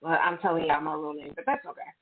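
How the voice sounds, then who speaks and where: Low-voiced and fast, a middle-aged woman hosts a laid-back chat over tinny, phone-like audio. Candid and talkative, she tells her own stories animatedly, quoting herself as she goes.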